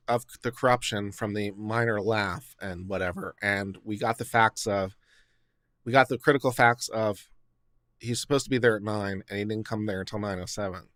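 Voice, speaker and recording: A man's voice: lowish voice, normal speed, fairly bright tone, no room sound, clean studio sound. A man, an attorney, hosting a livestream and talking casually, full of fillers and restarts as he hedges and explains. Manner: conversational, hedging, many fillers and restarts.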